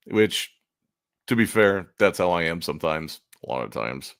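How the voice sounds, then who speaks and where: A man with a low, gravelly voice talks in a loose, rambling way. He slips in dry, self-deprecating jokes. The sound is close and dry, with little room around it. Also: expressive, moderate pace, fairly bright tone, no echo. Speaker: convention artist and channel host. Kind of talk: casual chat.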